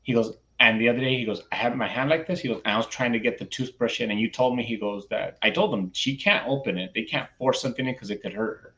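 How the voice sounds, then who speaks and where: A man who teaches, chatting on a podcast and telling a classroom story, acting out his students' lines with lively shifts and frequent restarts. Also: mid-range voice, quick pace, few pauses. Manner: animated, acts out classroom dialogue. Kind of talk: casual chat, storytelling.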